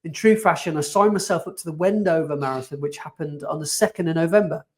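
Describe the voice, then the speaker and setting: Man, high voice, animated, chatty podcast co-host. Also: quick pace. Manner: chatty, animated, laughs often. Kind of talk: casual chat.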